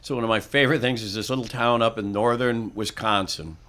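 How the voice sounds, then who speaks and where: An older man from Cleveland, a comedian and musician, telling animated stories in casual chat and acting out the people in them. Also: fairly low pitch, brisk. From Cleveland, USA. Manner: animated storyteller, acts out quotes.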